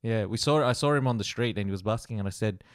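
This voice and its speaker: A man's voice: fairly low pitch, fast, no room sound. A male podcast host chats in a friendly, agreeable way and trips over his first words when he asks something. The studio sound is dry and close. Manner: friendly, agreeable, stammers when starting a question. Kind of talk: casual podcast conversation.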